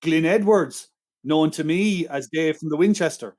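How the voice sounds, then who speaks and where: An enthusiastic man co-hosting a casual film podcast, defending his favourite film with emphatic praise and quick rebuttals. His voice sits a little higher than most men's. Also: a little mellow. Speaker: podcast co-host. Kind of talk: casual film-review chat.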